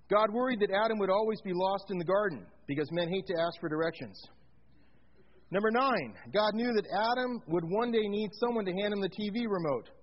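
High-voiced animated male preacher. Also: lo-fi sound. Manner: animated, asks the congregation questions, tells jokes. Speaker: pastor. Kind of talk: sermon.

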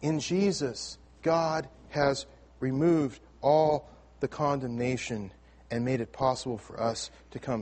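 A man preaching a sermon to his congregation, telling a story with frequent restarts and repeated words, swinging between loud emphasis and hushed, near-whispered lines. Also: medium pitch. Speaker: pastor. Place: church sanctuary with congregation.

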